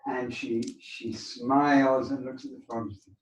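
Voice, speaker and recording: A man's voice: mid-range voice, flat delivery, measured pace. Man, playful storyteller, echoey room, distant mic. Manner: playful joke-telling, acts out voices. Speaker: storyteller in a group call. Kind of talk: casual storytelling.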